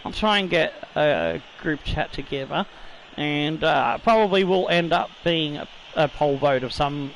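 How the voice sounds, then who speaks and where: Man, tipsy, slightly slurring, high voice, rambling gaming chatter, casual swearing. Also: animated, measured pace, a bit bright, slight background noise, rough recording. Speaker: gaming YouTuber host. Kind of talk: casual let's-play commentary.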